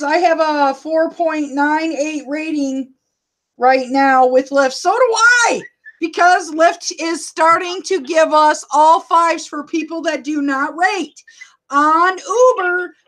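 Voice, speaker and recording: A middle-aged woman hosting a casual livestream, loud and laughing often as she reads viewer comments. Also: sits high. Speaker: livestream host and rideshare driver.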